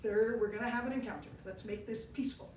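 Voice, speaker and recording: Animated woman storyteller in a roomy hall. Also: fairly high pitch, fast talker. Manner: animated, acts out quoted dialogue. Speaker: guest speaker telling travel stories. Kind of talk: live storytelling to an audience. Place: event room with a small audience. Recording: roomy, distant mic, faint noise.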